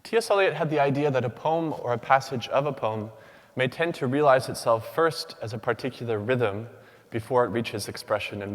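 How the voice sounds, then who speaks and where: A man giving a rehearsed academic talk from a stage, with rhythmic, measured delivery and deliberate pauses. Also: mid-range voice. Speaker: doctoral student speaker. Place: large hall. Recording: long hall reverb.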